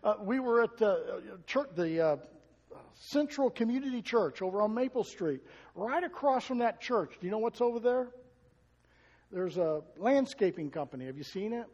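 An older man preaching a sermon, telling stories with emphatic swells and soft asides. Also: sits high, lively intonation, moderate pace, big-room sound, lo-fi sound. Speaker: pastor.

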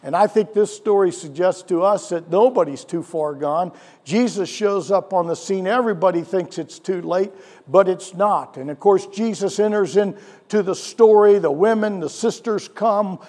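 A male pastor preaching a sermon, animated, with rhetorical questions and chuckles, in a church. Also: high-pitched, moderate pace. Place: church sanctuary. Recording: long church hall reverb.

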